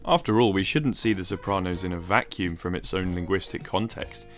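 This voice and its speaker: A man giving a measured, explanatory, scripted narration for a video essay. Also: low voice, faint music behind.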